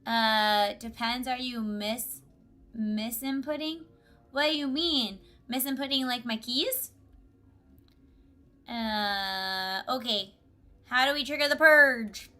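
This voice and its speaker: A woman's voice: fairly high pitch, takes it slowly, sharp tone, soft background music. A woman chatting with viewers on a casual gaming live stream, bubbly and giggly, recorded on a desk mic at home.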